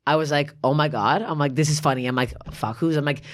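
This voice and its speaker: A woman comedian in her thirties, a podcast guest, telling a story in casual chat with heavy swearing and animated delivery. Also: sits low, fast talker.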